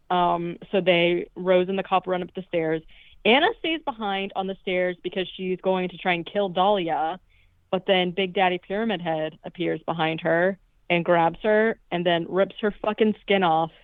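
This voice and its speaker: A woman's voice: fairly low pitch, clean tone, no echo. A woman co-hosting a podcast talks through a movie plot in a loose, jokey way, cursing freely and quoting characters as she goes. Her voice comes through a thin, phone-like line and sounds close and dry, with no room around it. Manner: swearing, jokey retelling with quoted lines. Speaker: podcast co-host. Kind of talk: casual movie recap.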